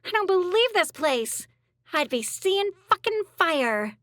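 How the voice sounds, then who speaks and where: A woman's voice: extremely high pitch, very animated, slow pace, fairly bright tone, no room sound, clean studio sound, full character voice. A woman voicing a foul-mouthed, wounded young woman who stays defiant and crude, acted for an audiobook drama. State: wounded, weak.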